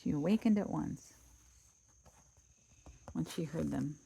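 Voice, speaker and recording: A woman casually reading a children's storybook aloud, relaxed and chatty, dropping in asides and cutting the story short. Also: deep voice, takes it slowly, creaky, slightly rough, low-quality recording.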